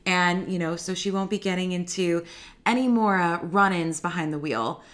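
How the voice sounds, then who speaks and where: Lady podcast host gossiping away, says like a lot, lowish voice. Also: normal speed, a bit bright. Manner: chatty, heavy use of "like", gossipy. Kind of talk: casual podcast chat.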